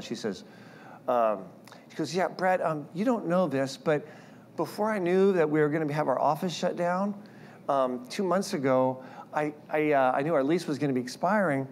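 A man preaching a sermon, telling personal stories in an animated way and acting out the voices of people he quotes. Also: a little high, a little hiss or hum. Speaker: guest speaker.

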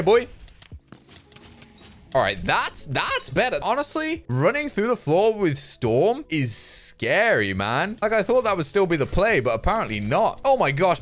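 A young man giving excitable live commentary over his gameplay, swinging from groans to shouts. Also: mid-range voice. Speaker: gaming YouTuber.

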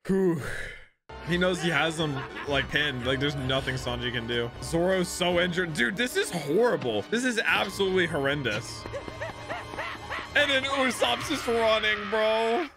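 A young man giving excited running commentary while reacting to an episode, gasping and exclaiming often. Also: high voice, a little slow, over music. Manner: excitable, frequent gasps and exclamations. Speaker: anime reaction host.

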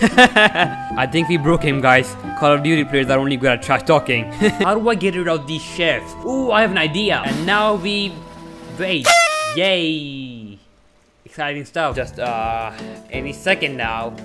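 A man giving excitable gameplay commentary as a gaming video creator, often yelling and joking. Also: on the high side, a little slow. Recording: music playing behind.

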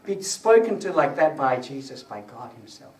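Speaking in a sing-song, medium-pitched voice at an ordinary pace, a man delivers a conversational teaching sermon to a small gathering in a prayer room. Quoting scripture, he lifts his voice, and he poses questions to test his audience. A far-off microphone catches the room's echo along with light hiss.

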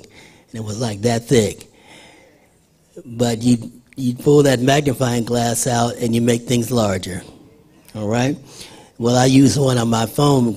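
Husky-voiced older man preaching. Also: medium pitch, a little mellow. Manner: conversational preaching, asks the congregation questions. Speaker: pastor. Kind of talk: sermon. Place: church.

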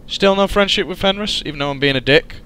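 A man's voice: high-pitched, quick pace, pushed and bright, slight background noise. A young man doing casual let's-play commentary, goofy and rambling, with heavy swearing. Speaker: gaming commentator. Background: game music faint.

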